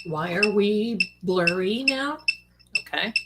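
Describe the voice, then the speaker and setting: A woman hosting a casual livestream, chatting excitedly as she eats and comments. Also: medium pitch, slow pace, very noisy. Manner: excited, chatty, talks with mouth full. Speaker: livestream host. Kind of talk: casual live commentary while eating. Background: dish and cutlery clatter.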